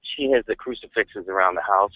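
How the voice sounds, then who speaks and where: A man's voice: fairly low pitch, brisk, dry recording, phone-quality sound. An older man calling into a radio show, effusive and joking. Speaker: caller. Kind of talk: phone-in chat.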